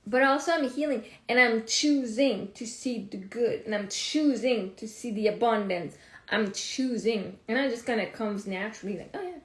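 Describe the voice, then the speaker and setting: A woman, a life coach rambling excitedly and thinking aloud in a casual live stream from her phone. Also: fairly high pitch, moderate pace. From Canada. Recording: roomy echo.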